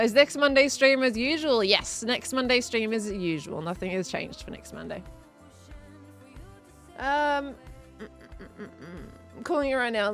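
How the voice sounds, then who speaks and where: A woman's voice: fairly high pitch, a bit bright. Chatty Australian woman streaming a game. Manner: chatty, greets viewers and reads chat aloud, frequent laughs. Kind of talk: casual live-stream chat while playing.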